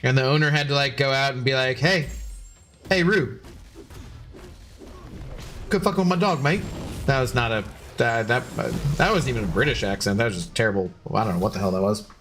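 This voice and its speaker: Over soft background music, a man with a mid-range, somewhat bright voice talks fast as he streams a game. He reads chat and banters casually with viewers, sarcastic, jokey, and freely profane.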